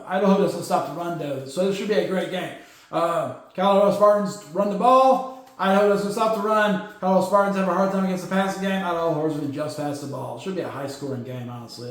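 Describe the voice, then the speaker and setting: High-voiced man chatting football in an echoey room. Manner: chatty, opinionated, mocking, acts out players in quick asides. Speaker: podcast host. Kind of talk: casual solo sports talk.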